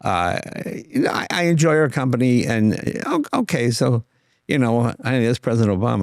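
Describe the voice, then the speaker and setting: A man's voice: mid-range voice, expressive, a little fast, dry recording, clean studio sound. An older man telling anecdotes in a casual interview, slipping into voices for the people in his stories, with stammers and restarts. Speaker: guest.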